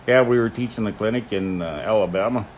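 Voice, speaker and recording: An older man, hosting a casual chat and telling folksy stories about horses, often chuckling and clearing his throat. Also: on the low side, fast talker, a little hiss or hum. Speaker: host, horse teamster. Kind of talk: casual chat answering viewer questions.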